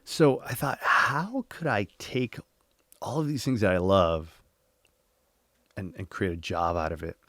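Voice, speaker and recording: A man in his forties, a podcast guest, telling his story in a lively way and acting out his inner dialogue. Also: on the low side, measured pace, long pauses, dry recording. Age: 40s. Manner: animated, acts out inner dialogue, swears casually.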